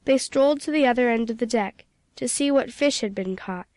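Storybook narrator, woman, fairly high voice, dry close recording. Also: brisk, a little mellow, no room sound. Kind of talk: storybook reading.

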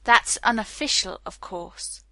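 A woman reading the part of a middle-aged prosecutor, measured and dryly sardonic. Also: medium pitch, sharp tone, dry recording.

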